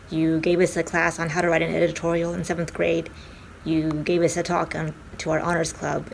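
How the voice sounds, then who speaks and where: A woman giving a measured, sincere video tribute. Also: lowish voice, vocal fry, slight background noise, rough recording. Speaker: family friend giving a tribute. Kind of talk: recorded video message.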